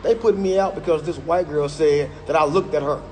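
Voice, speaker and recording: A middle-aged man inside an indoor gym angrily live-streams a complaint on his phone, emphatic and repeating himself in a heated rant. His voice is on the high side, a little mellow, and fairly quick.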